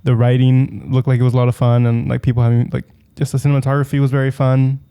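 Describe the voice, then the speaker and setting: A man's voice: medium pitch, level tone, fast, vocal fry, warm tone, smooth. A young man co-hosting a podcast, telling stories in a rambling way full of fillers. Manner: rambling, filler-heavy storytelling. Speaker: podcast co-host. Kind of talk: casual chat.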